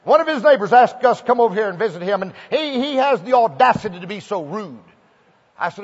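Revival preacher, high voice, folksy stories building to fervent shouting, dull recording in a big echoing hall. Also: male voice, animated, fairly quick. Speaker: pastor. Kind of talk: revival sermon. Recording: muffled old recording in a large hall.

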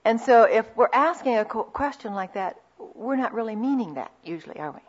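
A woman's voice: fairly high pitch, lively intonation, brisk, breathy edge. Woman preaching in a dull old recording. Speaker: Christian speaker on marriage. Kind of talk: conversational sermon with anecdotes.

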